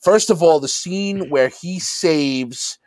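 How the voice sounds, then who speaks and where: Animated man swearing through movie talk. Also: fairly high pitch, slow pace, no echo. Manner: animated, swears freely, acts out movie lines. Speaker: podcast co-host. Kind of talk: casual chat.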